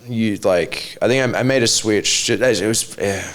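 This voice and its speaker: A man's voice: on the low side, normal speed, a bit bright. A man, a martial arts coach, telling stories as a podcast guest. He rambles with many restarts and swears freely. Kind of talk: casual podcast storytelling.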